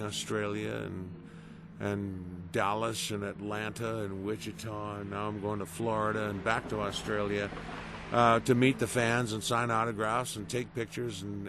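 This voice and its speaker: A middle-aged man giving a casual interview as a voice actor, animated and storytelling, acting out quoted reactions. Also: fairly low pitch, unhurried, music in the background. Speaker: voice actor guest. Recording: noisy background.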